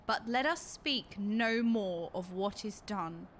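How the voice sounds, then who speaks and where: Game role: a woman voicing an ancient grieving male dragon, lowered and grave, slow and solemn. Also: a bit bright, a little hiss or hum. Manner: solemn archaic reading, slow and heavy.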